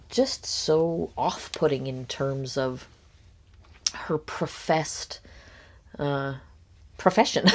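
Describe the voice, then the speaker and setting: A deep-voiced woman hosts a reaction commentary, picking apart a podcast clip. Her take is critical and speculative, full of ums and pauses.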